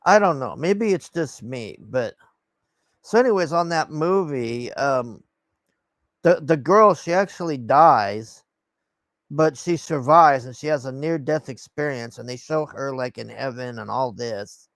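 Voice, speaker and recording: A man's voice: mid-range voice, animated, a little slow, fairly bright tone, dry recording. Exasperated man ranting, dry close sound. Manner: exasperated, rambling, swears often; trails off and sighs. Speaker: vlogger. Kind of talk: casual ranting monologue.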